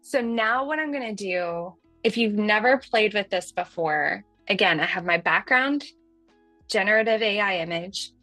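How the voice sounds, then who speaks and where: A woman's voice: medium pitch, animated, moderate pace, bright, forceful tone, no room sound, faint music behind. Chatty woman with a light Southern accent. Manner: chatty and folksy, says y'all, laughs at herself. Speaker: livestream host demonstrating software. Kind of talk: casual on-screen tutorial.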